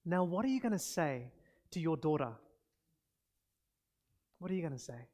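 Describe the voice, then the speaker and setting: A man's voice: on the high side, very animated, moderate pace, long pauses, warm tone. A man preaching a sermon as pastor, earnest and exclaiming praise as he addresses the congregation directly.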